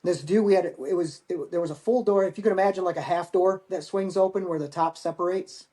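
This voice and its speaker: Animated, profane man telling war stories. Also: high-pitched, quick pace. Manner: profane, animated anecdote-telling with acted quotes. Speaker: podcast guest, Marine veteran. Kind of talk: casual storytelling.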